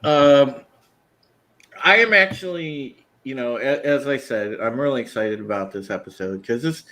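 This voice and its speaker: A man's voice: medium pitch, normal speed, pushed and bright, low-quality recording. A man hosting a casual podcast panel, talking in a laid-back, drawling way with lots of fillers. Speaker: podcast host.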